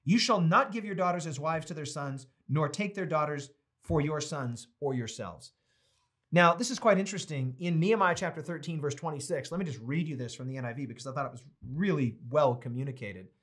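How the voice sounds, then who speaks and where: Here an American man teaches a casual Bible study at a fairly quick clip, his fairly high, fairly bright voice carrying a breathy edge. He reads quotes aloud and chats through anecdotes between passages.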